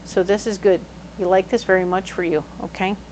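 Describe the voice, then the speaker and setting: A woman giving a casual tarot reading, animated and playful, breaking into sudden exclamations. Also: mid-range voice, brisk, slight background noise, rough recording. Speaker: tarot reader.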